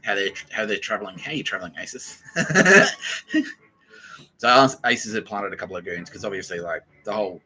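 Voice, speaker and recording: An Australian podcast host rambles through a story in a profane, agitated casual monologue. His lowish voice is brisk, sharp, and slightly rough, and the recording is low quality.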